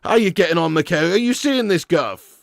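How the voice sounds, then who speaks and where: This man hosts a football watch-along for his fan channel, joking with chat, reading super chats aloud and erupting in pretend fury at the players. He speaks briskly in a high-pitched, gravelly, expressive voice, captured in a clean studio with no echo.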